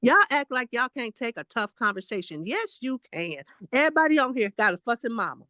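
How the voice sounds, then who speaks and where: A woman's voice: a little high, very animated, fairly quick, pushed and bright, no room sound. Blunt, emphatic woman in her sixties. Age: 60s. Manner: blunt, emphatic, repetitive and fussing. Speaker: guest spiritual teacher. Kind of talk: casual spiritual testimony.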